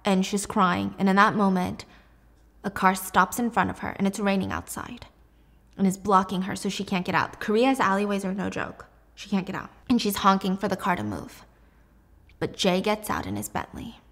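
A woman hosting a casual show, recapping a drama in a lively, animated way. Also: mid-range voice, normal speed. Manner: lively, animated storytelling with laughs. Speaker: host.

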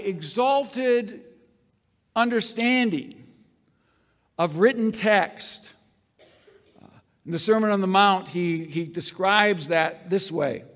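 A man preaches from the pulpit in a fairly high voice, leaning on key phrases by slowing down and repeating them. His words ring out with a long reverb from a church sanctuary. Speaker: pastor. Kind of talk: expository sermon.

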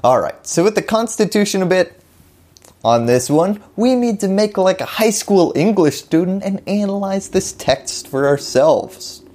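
A woman's voice: medium pitch, expressive, unhurried, warm tone. A woman hosting a scripted political explainer, delivering it with wry, jokey asides.

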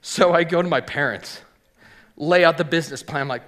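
Middle-aged man, casual storyteller on stage, slightly high voice, lots of ums and likes. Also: expressive, fairly quick, a bit bright. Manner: chatty, filler-heavy, voices quoted people. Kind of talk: live personal storytelling. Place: theater stage.

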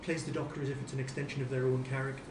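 A man's voice: medium pitch, flat delivery, racing. A man interviewing a guest, putting long, winding questions. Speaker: podcast interviewer. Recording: distant echoey convention room, noisy.

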